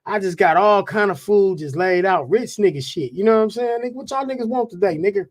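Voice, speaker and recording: A man guest on a podcast telling animated stories in heavy profane slang. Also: high-pitched, fast talker. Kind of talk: casual storytelling.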